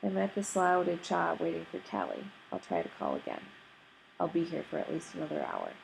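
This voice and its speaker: A woman's voice: on the low side, huge pitch swings, brisk, gravelly, slight background noise, full character voice, rough recording. A woman doing an earnest young American man.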